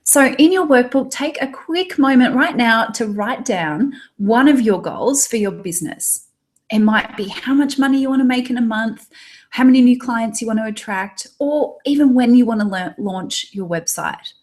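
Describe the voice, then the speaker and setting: A woman's voice: on the high side, animated, normal speed. A woman in her thirties with an Australian accent, leading a live online training for tarot readers and reading out viewers' chat comments in an upbeat, encouraging way.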